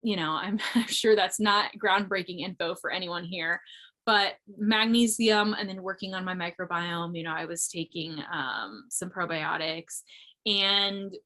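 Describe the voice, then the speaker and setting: A woman's voice: on the low side, a little slow, bright, forceful tone. A woman in her thirties from Missouri, a guest in an interview, talking reflectively with many "like" fillers. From Missouri, USA. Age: 30s. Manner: reflective, frequent "like" fillers, light laughs. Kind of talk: casual interview talk. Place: remote audio interview.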